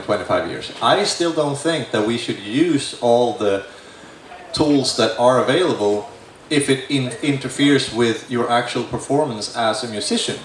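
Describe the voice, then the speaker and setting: Blunt middle-aged man in an echoey room. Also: mid-range voice. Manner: blunt, opinionated, frank with dry humor. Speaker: record producer. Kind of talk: panel discussion. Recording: echoey room, distant mic, faint noise.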